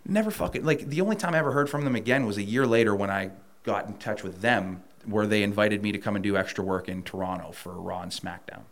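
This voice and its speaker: A man guest telling a story in casual chat, animated and profane, and he gets heated. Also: lowish voice, fast talker. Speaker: podcast guest, wrestler.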